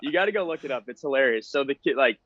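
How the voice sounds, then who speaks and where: A man's voice: medium pitch, expressive, racing, fairly bright tone, no room sound, dull audio. A man in his thirties, a guest on a podcast, talking in an easygoing, self-deprecating way. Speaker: guest ballplayer. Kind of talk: casual interview chat.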